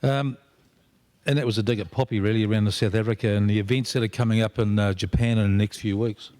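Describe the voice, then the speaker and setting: A man in his fifties with a New Zealand accent, giving steady, explanatory panel remarks with frequent fillers. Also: on the low side, quick pace. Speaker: panelist, aviation security regulator.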